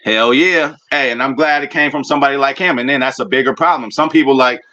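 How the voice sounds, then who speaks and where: Man, bright forceful voice, rambling profane fan rant, muffled lo-fi sound. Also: on the high side, brisk, hardly any pauses. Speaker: sports fan commentator.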